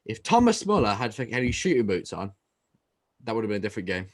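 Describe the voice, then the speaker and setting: A man with a fairly low voice, co-hosting a casual football podcast. He teases his friend and swears freely as he talks through the matches. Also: very animated, quick pace. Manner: swears freely, teasing banter. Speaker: podcast co-host.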